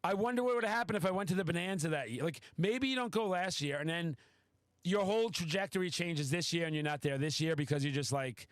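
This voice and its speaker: A man with a high voice tells a story on a podcast, excitable and quick to swear. The sound is dry and close to the mic. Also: no room sound. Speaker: podcast host. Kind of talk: casual podcast chat.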